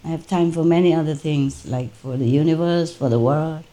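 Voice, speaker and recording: A woman with a fairly low voice speaks informally to her disciples as their spiritual teacher. She tells her story in an animated way and laughs often as she goes. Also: normal speed.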